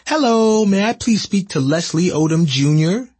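A man voicing a cheery, friendly man who phones with good news, in a bright, upbeat manner. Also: high-pitched, expressive, moderate pace, husky, voice pushed up.

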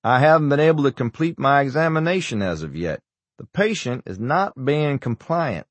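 A man's voice: medium pitch, lively intonation, moderate pace, no room sound, voice pushed up, close to an everyday voice. A man voicing a wisecracking male doctor who puts on a bad Scottish accent, in an audiobook. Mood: teasing. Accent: fake Scottish. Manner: teasing, wisecracking. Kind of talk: audiobook character voice.

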